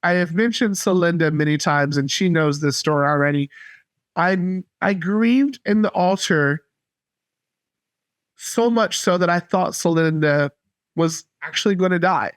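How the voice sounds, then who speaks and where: A man from North Carolina, a podcast guest, telling a faith story earnestly and haltingly. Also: sits high, no echo. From North Carolina, USA. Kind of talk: casual faith testimony.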